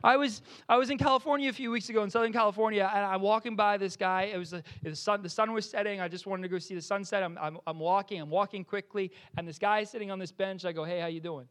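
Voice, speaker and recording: This young pastor from New Jersey talks at a quick pace in a high-pitched voice, barely pausing, with a New Jersey accent. His sermon unfolds as animated storytelling marked by frequent restarts.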